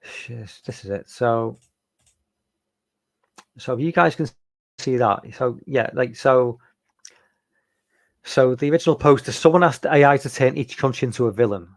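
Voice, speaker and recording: A male host rambles through a casual live stream, reading out and answering viewer chat with lots of fillers, restarts, and frequent pauses. His mid-range voice moves at a normal speed, and the sound is dry and close with no echo.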